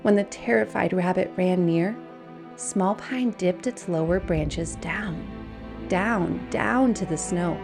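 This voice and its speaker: A woman reads a children's storybook aloud, slow and gentle, her fairly low voice carrying a gravelly edge. She eases into soft hushed passages, and faint music sits under her.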